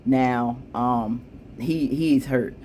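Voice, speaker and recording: A woman casually recapping a TV episode, chatty, with plenty of asides, acting out the characters' lines with jumps in pitch. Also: drawn-out words, dark tone, slight background noise. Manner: chatty, frequent fillers and asides. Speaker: TV show recap vlogger.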